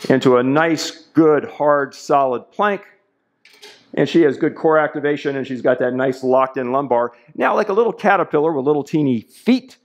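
A man coaching an exercise demonstration as a fitness instructor, playful and jokey as he talks the model through each move. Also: mid-range voice.

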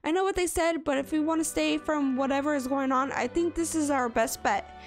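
A woman reading the lines of a calm male survivor who drives the truck, in a reassuring way. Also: high voice, a little fast. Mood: steady. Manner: reassuring, reads game dialogue aloud. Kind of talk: reading game dialogue aloud. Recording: game music playing behind.

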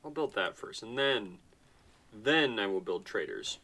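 A man's voice: on the low side, expressive, measured pace, bright, forceful tone. A man casually commenting on his strategy game as he plays, nonchalant and chatty, talking to himself and sounding tired. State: tired, yawning. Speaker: gaming channel host. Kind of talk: casual let's-play commentary.

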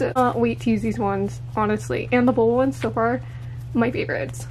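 Gushing young woman with a high voice. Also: a little fast, slight background noise, rough recording. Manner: gushing, excitable, drifts into soft whispers. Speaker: planner vlogger. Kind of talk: casual unboxing chat.

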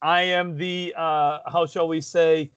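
A man's voice: a little high, flat delivery, slow pace, a bit bright, clean tone, lo-fi sound. A man hosting a podcast in casual chat, self-deprecating and rambling with restarts, talking over a video call. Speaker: podcast host.

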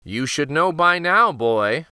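A man's voice: a little high, animated, slow pace, sharp tone, clear, resonant tone, no echo, clean studio sound, heavily acted. A man voicing a stern older town mayor in a children's storybook reading, firm and scolding.

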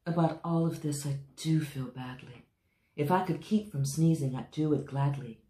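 A woman voicing a big male elephant who squeals high and loud when frightened, in a children's storybook reading. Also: moderate pace, echoey room, natural voice. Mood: apologetic.

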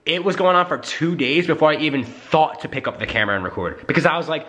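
Exasperated young man vlogging, slightly high. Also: lively intonation, fast, hardly any pauses, a bit bright. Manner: exasperated, heavy swearing. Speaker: vlogger host. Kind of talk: casual vlog talk to camera.

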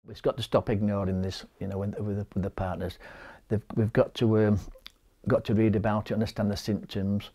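A middle-aged man with a Yorkshire accent speaks in a low, dark voice. He tells his story haltingly, stumbling over and repeating words, and acts out the conversations he recounts. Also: level tone. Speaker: interviewee, bereaved husband. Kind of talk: personal testimony.

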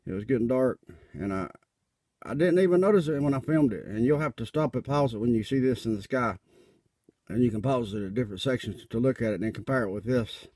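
A man's voice: mid-range voice, fast, dark tone, dry recording. Earnest man preaching to his viewers. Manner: earnest, rambling, repeats words, preaching to viewers. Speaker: religious video maker. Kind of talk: casual religious video talk. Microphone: tablet mic.

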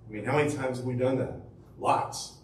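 A man's voice: medium pitch, steady tone, racing, darkish tone. Man preaching, conversational sermon, echoey room, distant mic, faint ambience. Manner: conversational storytelling with many fillers and rhetorical questions. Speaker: pastor.

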